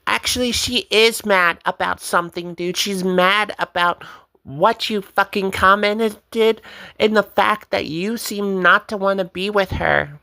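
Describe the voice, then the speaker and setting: A woman's voice: medium pitch, a little slow, gravelly, pushed and bright, no room sound. Blunt, indignant woman co-host. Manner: blunt, indignant, swears freely. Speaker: co-host reacting to online posts. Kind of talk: casual reaction commentary.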